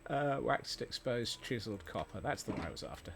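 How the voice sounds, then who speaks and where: A man's voice: mid-range voice, lively intonation, a little fast, creaky, noisy background. A man chatting casually while streaming a game, rambling and playful, with many fillers and restarts. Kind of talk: casual gameplay chat. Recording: faint music behind.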